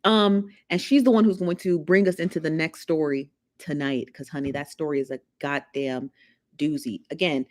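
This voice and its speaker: With a low voice, steady tone, and normal speed, a woman hosts a casual livestream as a chatty live show host who laughs and teases her chat.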